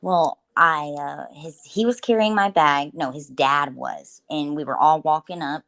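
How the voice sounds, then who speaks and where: A woman's voice: sits low, measured pace, vocal fry, fairly bright tone. A woman co-hosting a podcast, joking in a bawdy, candid way. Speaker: podcast co-host. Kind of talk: casual chat.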